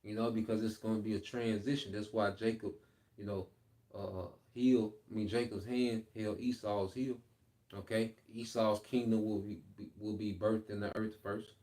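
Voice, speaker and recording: A man's voice: fairly low pitch, level tone, moderate pace, warm tone. A man giving informal scripture teaching, reading verses aloud and then explaining them in a loose, repetitive way, often tagging lines with "man" and "okay?". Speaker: Bible teacher.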